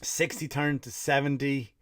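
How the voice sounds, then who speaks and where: A man's voice: medium pitch, little pitch movement, unhurried, fairly bright tone, dry recording, clean studio sound. An Irish man who hosts a comedy podcast, telling a rambling story with profanity and fired-up rants. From Ireland. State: tired after running 50 miles (story).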